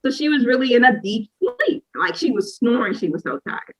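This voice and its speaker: A woman, co-hosting a casual chat and telling a lively personal story, acting out what people said. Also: on the high side, moderate pace, rough recording. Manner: lively storyteller who acts out quotes. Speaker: co-host sharing a personal story.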